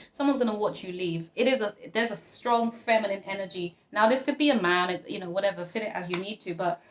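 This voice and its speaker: A woman's voice: medium pitch, fairly quick, echoey room, low-quality recording. A woman giving a casual tarot reading to camera, playful and rambling, laughing often and calling her listeners honey and babes. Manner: playful, rambling, chatty, with frequent laughs and fillers. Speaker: tarot card reader.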